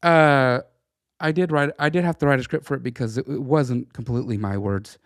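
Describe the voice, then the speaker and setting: A middle-aged man co-hosting a casual political podcast, talking in an animated, stammering, jokey way. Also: medium pitch, fairly quick, dry recording, studio quality. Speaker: podcast co-host.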